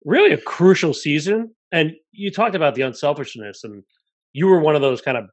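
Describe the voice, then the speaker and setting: A man co-hosting an interview, hesitant and filling pauses as he works up to a question. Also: fairly high pitch, animated, dry recording. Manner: hesitant, many fillers before questions. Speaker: podcast co-host. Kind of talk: casual interview chat.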